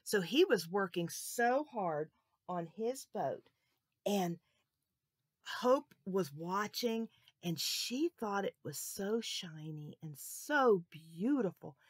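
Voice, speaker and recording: A woman telling a Bible story to children, expressive and asking her listeners questions. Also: medium pitch, slow pace, slightly rough, no echo, clean studio sound.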